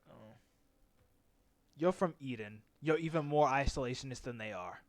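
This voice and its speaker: A man's voice: mid-range voice, moderate pace. A man running a tabletop game as game master, casual and hesitant, with many fillers.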